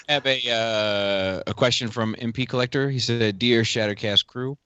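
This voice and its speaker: A man's voice: lowish voice, sharp tone, dry recording. A man co-hosting a casual podcast, reading a listener question aloud with easygoing restarts. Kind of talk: casual group chat.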